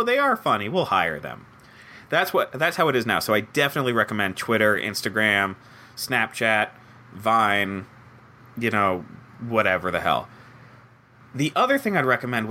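A young man, a comedy head writer, answering interview questions casually and acting out quoted voices. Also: lowish voice. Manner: animated, acts out quoted voices, self-deprecating.

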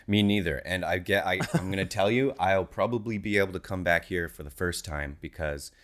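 A man's voice: low voice, brisk, a bit bright. A young man co-hosting a podcast, rambling in a self-deprecating way and laughing often. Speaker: podcast co-host and actor. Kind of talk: casual chat.

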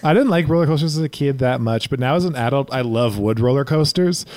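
A young adult man co-hosting a podcast, tossing in quick jokes and laughing often. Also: mid-range voice, a little mellow, no room sound. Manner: quick joking asides, laughs a lot. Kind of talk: casual chat.

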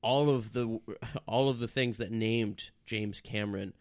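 A man's voice: on the low side, steady tone, unhurried, dry recording, clean studio sound. Casual male narrator of improv scenes. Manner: casual, with fillers.

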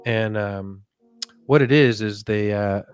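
Soft-spoken rambling man. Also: on the low side, slow pace, smooth, soft background music. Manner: soft, drifting, rambling, jokey asides. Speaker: podcast host. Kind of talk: comic sleep-story monologue.

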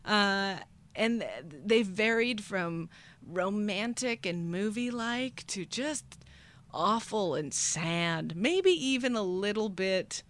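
A woman in her twenties hosting a podcast, telling a funny personal story in an animated, self-deprecating way and laughing often. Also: mid-range voice. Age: 20s. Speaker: podcast host.

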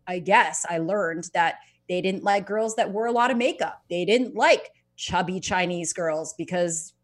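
A woman in casual chat, candid and profane, laughing often as she talks. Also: medium pitch.

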